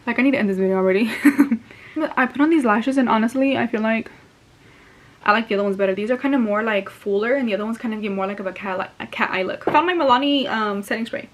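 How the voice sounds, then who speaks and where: Young woman vlogger, quick, higher-pitched, chatty and rambling, drops Spanish words into English. Casual get-ready-with-me. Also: slight background noise. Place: at home doing makeup.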